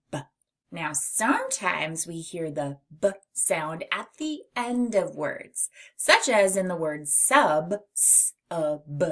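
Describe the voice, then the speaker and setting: Slow, lively woman teaching phonics. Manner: slow, clear, sing-song teacher voice with lively pitch. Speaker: reading teacher. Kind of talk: phonics lesson for young children.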